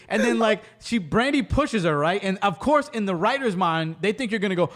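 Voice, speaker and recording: A man's voice: very high-pitched, expressive, moderate pace, a bit bright. A young man hosting a podcast, animatedly retelling a movie in casual chat and acting out the characters' lines. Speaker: podcast host.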